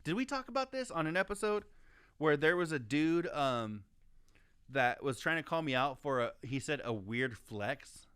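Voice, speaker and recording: A man co-hosting a podcast, telling a story in profane, animated casual chat. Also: a little high, moderate pace, clean tone. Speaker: podcast co-host.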